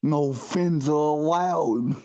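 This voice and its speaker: A man hosts a casual livestream sports chat, speaking very slowly in a fairly high voice and stumbling over repeated words. The stream audio is dull and lo-fi. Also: mellow. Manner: halting, repeats words and restarts. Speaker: show host.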